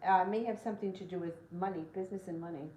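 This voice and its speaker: A woman's voice: fairly low pitch, fairly even intonation, fast, dark tone, a little hiss or hum. Chatty woman tarot reader, roomy sound. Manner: chatty, peppered with "like", frank swearing. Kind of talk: casual livestream chat. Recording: roomy echo with faint ambience.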